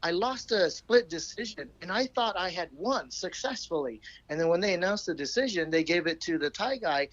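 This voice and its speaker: A man with a somewhat high voice speaks as a coach on a podcast. He is earnest and halting, with lots of fillers. The recording sounds dull and lo-fi. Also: animated, a bit bright. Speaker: Muay Thai coach, guest. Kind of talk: casual chat.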